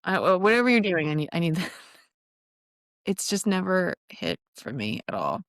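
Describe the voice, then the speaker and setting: Candid, low-voiced woman podcast host. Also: big pitch swings, dry recording, studio quality. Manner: candid, self-deprecating, halting restarts. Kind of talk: casual chat.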